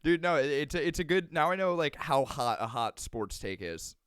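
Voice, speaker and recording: A young man co-hosting a podcast, teasing his co-host in quick banter and laughing often. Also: on the high side, very animated, a bit bright, clear, resonant tone, no room sound, studio quality. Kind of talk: casual comedic chat.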